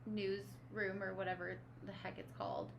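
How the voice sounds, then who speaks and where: A woman's voice: mid-range voice, little pitch movement, moderate pace, vocal fry, dull audio, slight background noise. A woman co-hosting a podcast, joking and chiming in with plot details in casual chat. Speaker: podcast co-host.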